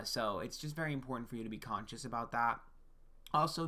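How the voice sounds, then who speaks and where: A man's voice: mid-range voice, sharp tone. A man giving a casual, frank one-on-one birth chart reading as an astrologer, talking straight to the listener and checking in with "okay?" and the occasional swear.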